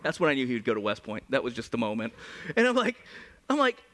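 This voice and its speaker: A man in his forties, a pastor, preaching a humorous sermon with lively stories. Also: medium pitch, quick pace. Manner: animated, humorous, storytelling. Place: church.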